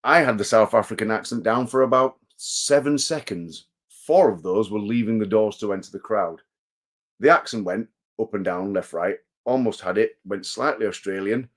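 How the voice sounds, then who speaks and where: A man's voice: lowish voice, moderate pace. A man, a wrestler guesting on an interview show, telling rambling self-deprecating stories. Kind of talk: casual interview chat.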